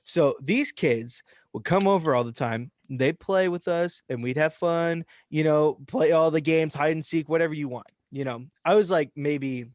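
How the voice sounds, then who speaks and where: A man's voice: a little high, no room sound, studio quality. A young man, a podcast co-host, telling a story in casual chat and acting out the voices of the people in it. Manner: animated, acts out voices in anecdotes.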